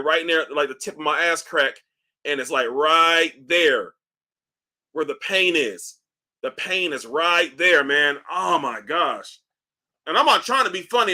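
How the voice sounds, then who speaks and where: A man hosting a casual livestream, reading comments aloud in a loose, profane, animated way while in back pain. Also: on the high side. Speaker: livestream host. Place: indoors at home, seated.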